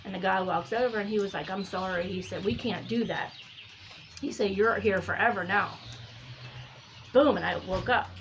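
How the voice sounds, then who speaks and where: A woman casually recounting a dream, rambling and animated, full of fillers and quoted speech. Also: medium pitch, normal speed, pauses often, slight background noise, poor audio. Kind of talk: casual spoken storytelling.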